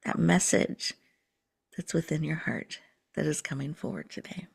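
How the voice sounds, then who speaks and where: A woman host leading a slow, soothing guided breathing meditation, sometimes dropping to a whisper. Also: low voice, vocal fry, slightly rough.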